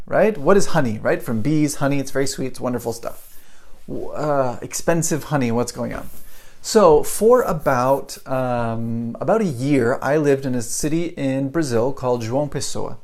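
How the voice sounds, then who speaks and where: A man in his thirties hosting a podcast, telling a story casually to camera, animated, chuckling often and tossing in rhetorical questions. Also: mid-range voice, vocal fry. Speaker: podcast host.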